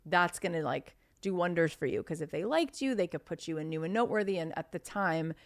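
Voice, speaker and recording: Woman, 30s, podcast guest; lower pitch, animated casual storyteller. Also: brisk. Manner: chatty, animated storytelling with many "like" fillers.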